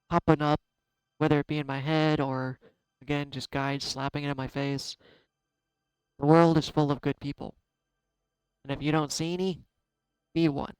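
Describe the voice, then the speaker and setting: A man giving a casual tarot card reading, chatty and self-deprecating, thinking out loud. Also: on the high side, clean tone, dry recording, rough recording. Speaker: tarot reader.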